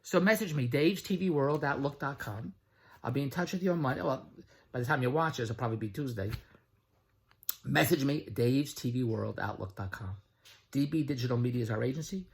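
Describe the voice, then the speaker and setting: A middle-aged man giving a blunt, pushy sales pitch straight to the camera, repeating his slogans and swearing freely. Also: brisk, gravelly. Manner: blunt, pushy, repetitive hard sell with profanity. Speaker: online business promoter.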